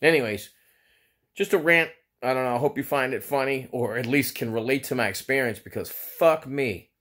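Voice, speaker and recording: A man with a Boston accent, medium-pitched and a bit bright at normal speed, tells a storytime rant on video. As a vlogger, he comes across as exasperated and sarcastic, with constant profanity.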